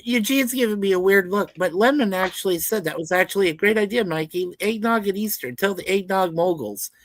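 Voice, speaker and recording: A man's voice: high voice, brisk, dry recording. A man in casual podcast chat, offhand and joking, with some mild swearing.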